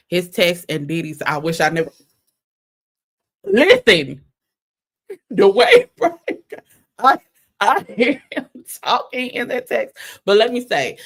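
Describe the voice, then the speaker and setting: A woman's voice: on the low side, fairly bright tone. A woman hosting a casual commentary show, reading texts aloud and reacting candidly, often laughing. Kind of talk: casual commentary on social media drama.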